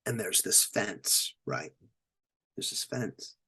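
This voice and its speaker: A man's voice: fairly low pitch, lively intonation, takes it slowly, sharp tone, breathy edge. A middle-aged man, a military veteran, telling stories as a podcast guest, acting out quotes and sound effects and swearing freely. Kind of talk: storytelling in a podcast interview.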